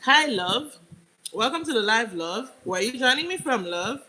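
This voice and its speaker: A woman's voice: on the high side, lively intonation, normal speed, bright, forceful tone, low-quality recording. A young woman from Nigeria hosting a casual live stream, chatting and greeting viewers by name while she eats. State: eating while talking. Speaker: livestream host.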